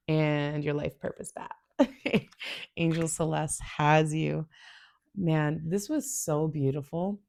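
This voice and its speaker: A woman's voice: low-pitched, fairly even intonation, slow, gravelly, long pauses, a little mellow. A woman giving an intuitive card reading in a casual, reassuring way, full of fillers and often checking in with "okay?" and "right?". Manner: loose and informal with many fillers.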